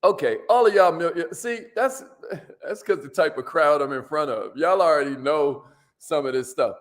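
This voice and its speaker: This man's voice is fairly high and moderately paced as he runs a live motivational stream. He's casual and full of energy, calling out viewers by name and going back over his main points.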